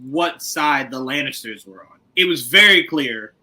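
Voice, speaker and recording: Bright, animated man chatting casually. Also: mid-range voice, a little slow, low-quality recording. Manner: animated, laughs often, acts out scenes in put-on voices. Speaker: podcast co-host. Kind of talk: casual chat about a TV show.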